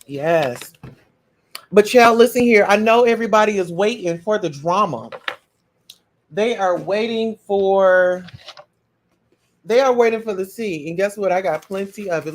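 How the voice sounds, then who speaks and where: A high-pitched man hosts a casual live stream, drawling slowly as he reads the chat aloud. He talks in a loud, sassy way straight to his viewers, with bites of food and sips of a drink in between. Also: expressive, a little hiss or hum. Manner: eats and sips while talking. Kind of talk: casual livestream commentary.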